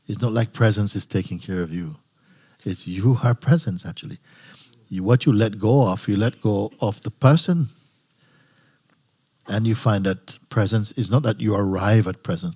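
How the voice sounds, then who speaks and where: A man with a fairly low voice tells a story at an informal retreat talk, breaking into laughter often. His phrasing is loose and non-native, with plenty of fillers and restarts. He is a spiritual teacher speaking casually to his listeners. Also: warm tone, breathy edge.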